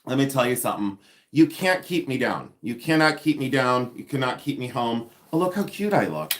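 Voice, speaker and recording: A man's voice: medium pitch, very animated, moderate pace, fairly bright tone. A man hosting a casual live jewelry-sorting stream from home, chatty and sassy, joking at his own expense. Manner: sassy, chatty, self-mocking humor. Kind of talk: casual livestream chat.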